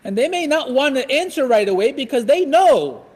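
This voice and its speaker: A man giving a religious lecture in an animated way, acting out everyday scenes. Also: very high voice, moderate pace. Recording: echoey hall.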